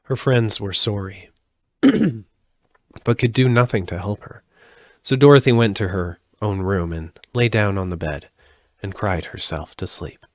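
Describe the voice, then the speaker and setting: A man reading a storybook aloud live, expressive, with occasional slips and restarts. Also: lowish voice, measured pace, no room sound. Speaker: audiobook reader.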